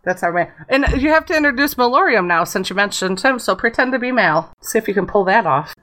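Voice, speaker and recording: A woman with a lively, swooping voice and a bright, tense edge teases her co-hosts on a casual gaming podcast. She giggles often. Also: medium pitch, fast. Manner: giggly, teasing. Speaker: podcast co-host. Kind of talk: casual group chat.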